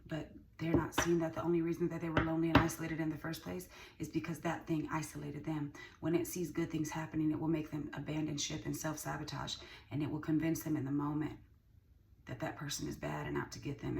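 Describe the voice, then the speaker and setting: A woman's voice: low-pitched, level tone, fast, creaky. A woman giving a casual tarot reading, who is emphatic, repeats lines and swears freely. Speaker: tarot reader. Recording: distant mic with ambient noise.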